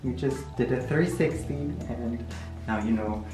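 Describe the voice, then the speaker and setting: A woman's voice: extremely low pitch, a little slow, warm tone. A playful young woman giving a casual, giggly tour of her small bedroom. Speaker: vlogger. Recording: echoey room with music.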